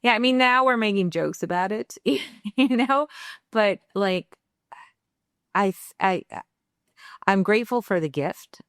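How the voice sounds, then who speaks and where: Candid parenting podcast co-host, female; animated storyteller with a smooth, clear voice. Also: medium pitch, takes it slowly, pauses often, no echo, studio quality. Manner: animated, acts out quoted dialogue; reflective and candid. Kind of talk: conversational storytelling.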